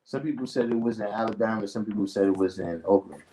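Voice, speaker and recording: A man's voice: on the low side, quick pace, dark tone, slight background noise, poor audio. A man hosting a livestream in casual chat, laid-back and laughing often, trailing into asides. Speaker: livestream host.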